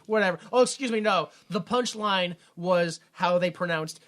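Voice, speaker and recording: A man's voice: high voice, moderate pace, a bit bright. A man co-hosting a podcast, sarcastically recapping a movie in casual chat and often laughing at his own jokes. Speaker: podcast co-host.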